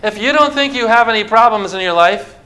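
A man's voice: sits high, animated, brisk, bright, forceful tone. A man preaching a sermon to a congregation, asking rhetorical questions and talking them through simple object lessons. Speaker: pastor. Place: church before a congregation.

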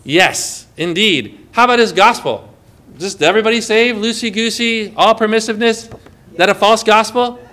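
High, bright-voiced man preaching. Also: normal speed. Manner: animated preaching, asks the congregation questions. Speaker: pastor. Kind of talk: sermon.

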